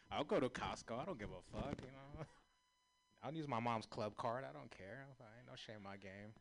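A young male comic working through a loose, rambling stand-up set. His talk is profane and meandering, with laughs breaking in as he tells stories. His voice sits at an ordinary middle pitch. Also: moderate pace. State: high. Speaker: stand-up comedian.

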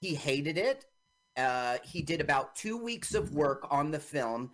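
A woman's voice: low-pitched, lively intonation, unhurried. A woman co-hosting a radio show, chatting casually about an old film and acting out quoted lines as she retells the story. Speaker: radio co-host.

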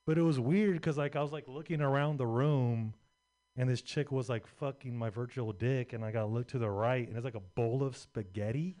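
A man's voice: medium pitch, steady tone, moderate pace, dark tone. A young man performing a rambling, profane, self-deprecating stand-up comedy set on a club stage.

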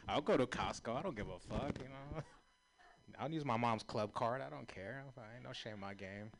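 A young man doing a stand-up comedy set, profane and rambling, laughing at his own jokes and saying he is high. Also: normal speed, gravelly, a little hiss or hum. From Native American heritage. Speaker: stand-up comic.

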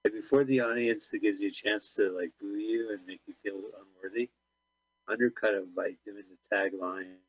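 Wisecracking husky man on dry lo-fi audio. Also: lowish voice, fairly even intonation, normal speed, no echo. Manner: wisecracking, trades jokes and puns. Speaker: podcast co-host. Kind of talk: casual movie commentary chat.

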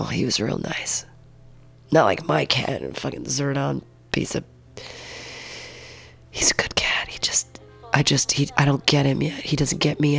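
A woman's voice: sits low, vocal fry. A woman in her forties hosting a radio show alone, rambling and swearing, emotional as she talks. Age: 40s. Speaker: radio host. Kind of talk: casual solo radio talk.

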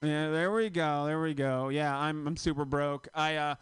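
A man in his thirties from Florida doing a stand-up comedy set on a club stage, telling stories in an animated, profane, self-mocking way. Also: fairly high pitch, moderate pace, clean tone, no echo. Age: 30s.

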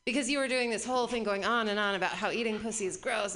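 A woman's voice: fairly high pitch, quick pace, a bit bright, slight background noise. Woman giving hesitant joke notes. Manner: hesitant, starts with um. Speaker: comedy workshop member giving notes. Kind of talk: casual workshop chat.

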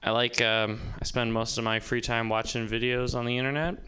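A man doing a rambling, deadpan stand-up set at an open mic. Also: mid-range voice, fairly quick, clean tone. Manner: deadpan rambling delivery with acted quotes. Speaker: stand-up comedian.

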